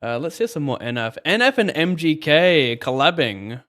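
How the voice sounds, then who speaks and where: A man's voice: fairly high pitch, very animated, normal speed, fairly bright tone. A young man streaming poker, chatting casually, swearing and joking at his own expense. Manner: swearing, joking, self-mocking. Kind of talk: casual live-stream commentary.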